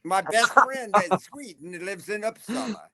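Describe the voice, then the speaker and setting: High-voiced joking man over crowd noise. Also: expressive, a little slow. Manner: joking, playful interjections. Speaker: podcast co-host. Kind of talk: casual podcast chat.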